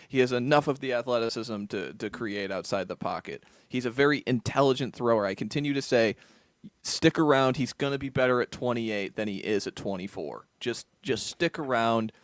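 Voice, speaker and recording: A man's voice: mid-range voice, no room sound. Guy talking football on a podcast, laid-back, restarts a lot, dry close sound. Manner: loose, conversational, many restarts. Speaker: co-host. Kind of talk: casual chat.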